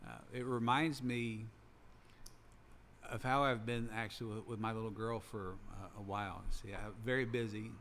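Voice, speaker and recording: A retired man working in ministry, sharing a personal reflection in an earnest, measured way. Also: lowish voice, steady tone, fairly bright tone, a little hiss or hum.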